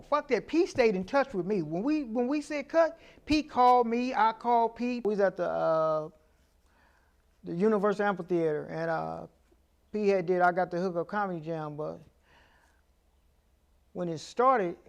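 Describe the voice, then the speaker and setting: A comedian in his fifties telling stories in a casual interview, lively and profane. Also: sits high, normal speed, vocal fry. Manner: animated, profane storyteller. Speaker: comedian guest.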